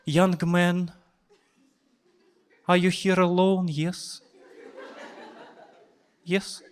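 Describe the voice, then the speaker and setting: A man voicing a frantic, doom-mongering old woman who wails and shouts in panic. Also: fairly low pitch, flat delivery, extremely slow, clean tone, pitched above the performer's own voice. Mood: prying. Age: older.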